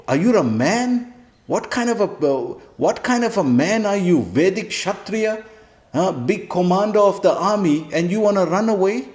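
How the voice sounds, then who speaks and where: Stern god guy scolding a warrior, a man doing it, pitched up high, echoey room. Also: animated, normal speed, a little mellow. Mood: scornful. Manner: mocking, challenging questions. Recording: roomy echo.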